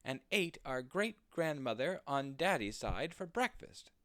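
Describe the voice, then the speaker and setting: A man voicing a group of small, excitable young rabbits in a storybook reading, in a high childlike squeak. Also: a little slow. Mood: fretful.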